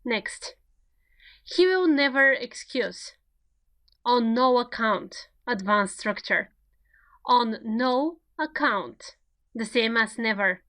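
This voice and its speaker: A woman delivers a recorded grammar lecture. She takes her time, speaking slowly and setting each example sentence out with care. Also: fairly high pitch, a bit bright. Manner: slow, deliberate, spelling out each example. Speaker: grammar teacher.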